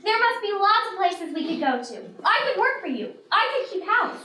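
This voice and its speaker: A woman's voice: extremely high pitch, very animated, moderate pace, bright, forceful tone, full character voice. A student actress playing a frightened young bride who pleads with her father, in a school stage play heard from far off in an echoey hall. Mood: pleading. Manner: pleading, desperate.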